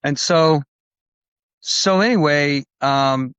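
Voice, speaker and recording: A man's voice: a little high, takes it slowly, a bit bright, clean tone, dry recording. A man, a guest on a podcast, telling a long story in a rambling, conversational way, with many restarts and acted-out quotes. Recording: dull lo-fi dry recording.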